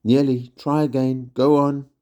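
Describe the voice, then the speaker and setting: A man's voice: mid-range voice, little pitch movement, unhurried, mellow, muffled recording, pitched above the performer's own voice, close to an everyday voice. A man reading a storybook aloud, voicing a patient climbing instructor who coaxes and reassures a scared boy. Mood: reassuring. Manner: coaxing, reassuring.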